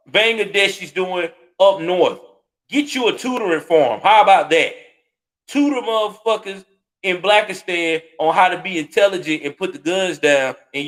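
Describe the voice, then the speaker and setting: Host, male, high-pitched, profane and scornful ranting with sudden loud spikes. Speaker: commentary show host. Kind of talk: heated live reaction commentary.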